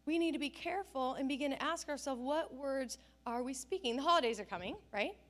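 A woman's voice: sits high, brisk. A woman pastor preaching a conversational sermon, telling stories with self-deprecating humor.

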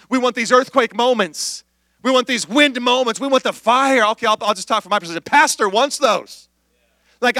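A male pastor preaching an animated sermon, acting out voices and dropping to near-whispers. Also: sits high, no echo, studio quality.

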